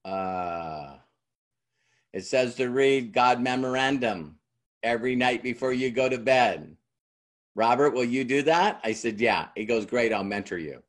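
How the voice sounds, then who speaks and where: A man's voice: mid-range voice, expressive, measured pace. Man telling a story to an audience. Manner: conversational, acts out both sides of past dialogues. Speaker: motivational speaker. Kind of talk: storytelling talk to a live audience.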